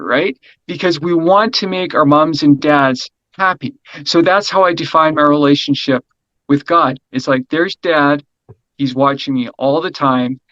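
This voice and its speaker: A middle-aged man being interviewed, talking energetically in a loose, rambling way and checking in with "right?" as he goes. His voice sits a little high for a man. The sound is dry and a bit dull, as if the recording has lost its brightness. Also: no echo. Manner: energetic, rambling, repeats words, frequent "right?". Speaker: interview guest. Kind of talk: casual conversational interview.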